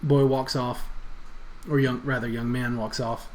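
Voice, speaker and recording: A man narrating a tabletop game as game master, relaxed and halting. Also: medium pitch, low-quality recording. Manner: relaxed, halting, many fillers.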